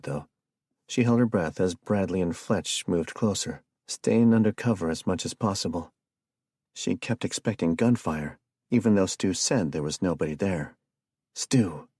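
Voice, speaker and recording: A man reads an audiobook in an even, measured way. His voice is very deep with a husky, gravelly texture. The recording is close and dry. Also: no echo. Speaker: audiobook narrator. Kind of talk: scripted narration.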